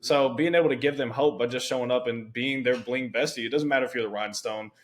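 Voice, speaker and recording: A young man hosting a podcast, telling stories in an animated, chatty way with many asides. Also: mid-range voice, fast, slight background noise. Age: young adult. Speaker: podcast host. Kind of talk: conversational interview.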